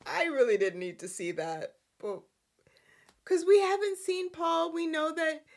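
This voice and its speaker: A woman with a very high voice recaps a soap opera at an unhurried pace. She chats casually and animatedly, laughing a lot and acting out the characters' lines.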